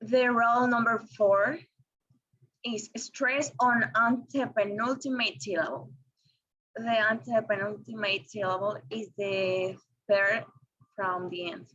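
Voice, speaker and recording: Woman, class presentation, slow, hesitant, dull recording. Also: mid-range voice, steady tone, fairly bright tone. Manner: slow and careful, with frequent ums and restarts.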